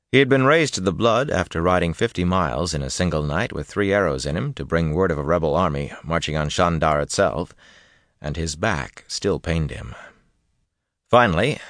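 Male audiobook narrator, very low voice, steady delivery, dry booth sound. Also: no room sound. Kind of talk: scripted narration.

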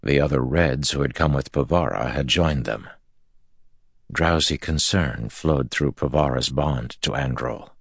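Very deep, gravelly male narrator. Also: unhurried, no room sound, clean studio sound. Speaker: audiobook narrator. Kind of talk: scripted narration.

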